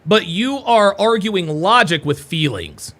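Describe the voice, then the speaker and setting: A man's voice: sits high, big pitch swings, unhurried, pushed and bright. A man hosting a live reaction stream, talking bluntly and mockingly and swearing freely as he comments on a debate clip.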